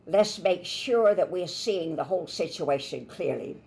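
Animated woman minister teaching scripture. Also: fairly low pitch, measured pace. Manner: animated storytelling, acts out quoted voices. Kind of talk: Bible teaching sermon.

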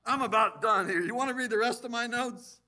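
A man preaching a sermon as pastor in a church, animated, swinging between loud emphasis and quiet asides. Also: very high voice, a little fast. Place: church sanctuary.

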